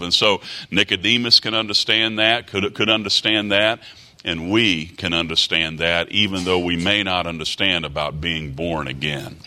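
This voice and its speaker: A man preaching a sermon, reading scripture aloud in old-fashioned wording and rising and falling in pitch for emphasis. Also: normal speed, pushed and bright. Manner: rises and drops in pitch for emphasis.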